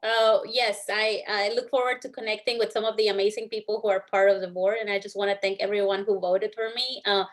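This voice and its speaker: A woman's voice: mid-range voice, little pitch movement, a little fast, hardly any pauses. A woman hosting a live stream, talking in a friendly, chatty way and thanking her guest and viewers. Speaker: host. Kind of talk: casual live-stream chat.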